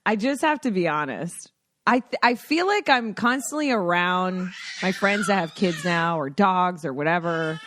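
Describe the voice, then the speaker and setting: A woman co-hosting a podcast in casual chat, animated and mimicking others in exaggerated tones. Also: on the low side, moderate pace. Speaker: podcast co-host.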